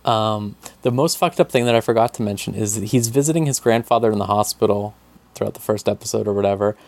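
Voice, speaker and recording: A man's voice: lowish voice, fast talker, a little mellow. Rambling young man, casual chat. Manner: rambling, swears often, fillers.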